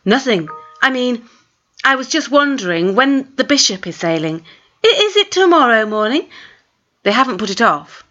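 A woman voicing a frightened young girl who pleads in a high, breathless, tearful voice. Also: sing-song, normal speed, bright, forceful tone, muffled recording, faint music behind. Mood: flustered.

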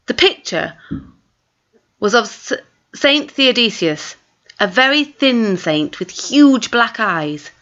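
A woman reads a storybook aloud with lively, animated expression. Her voice is a little high and bright. The recording sounds dull and lo-fi. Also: slow. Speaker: audiobook narrator. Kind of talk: storybook reading.

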